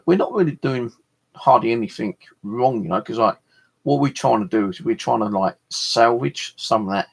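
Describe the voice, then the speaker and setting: A man telling a rambling, casual story on his vlog, swearing freely and retelling conversations. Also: lowish voice. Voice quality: gravelly, husky. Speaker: vlogger.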